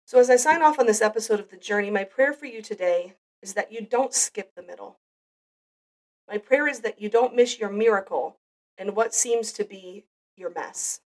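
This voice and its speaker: A woman's voice: medium pitch, moderate pace, darkish tone, distant mic. A woman hosting a devotional podcast, giving an earnest, heartfelt Bible teaching. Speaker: podcast host.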